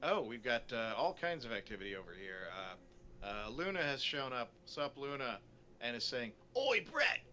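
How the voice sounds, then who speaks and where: An excitable man chats casually on a game stream into a desk mic. His pitch leaps and swings with a bright, forceful tone. A faint hiss hangs in the background. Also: moderate pace. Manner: excitable, chatty.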